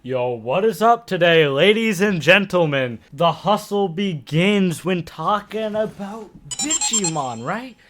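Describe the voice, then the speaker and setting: A man's voice: high-pitched, takes it slowly, hardly any pauses. A man giving casual commentary on an anime for his video channel, rambling and swearing freely. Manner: animated, profane, rambling.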